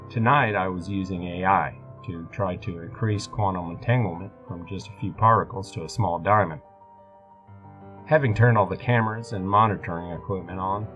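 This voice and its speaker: A man narrating a first-person horror story in a steady, measured way. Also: low-pitched, rough recording. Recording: music bed behind voice.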